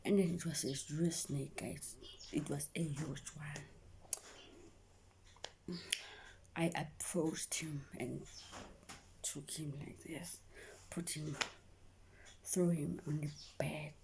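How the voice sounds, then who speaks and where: A woman's voice: deep voice, fairly even intonation, slow pace, creaky, long pauses, noisy background. A young woman telling an emotional story to her viewers, often dropping into a whisper and repeating herself. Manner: repetitive, keeps addressing viewers. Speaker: vlogger.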